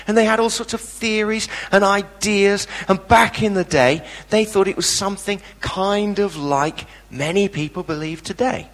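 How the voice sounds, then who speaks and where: A man's voice: sits high, normal speed, few pauses, a bit bright. A man preaching a sermon, impassioned and emphatic with blunt everyday turns of phrase. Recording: reverberant hall.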